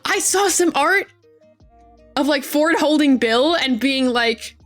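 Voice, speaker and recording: A young adult woman streamer in casual live-stream chat, excitable and gushing, laughing often and swearing freely at a desk microphone. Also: sits high, a little slow, soft background music.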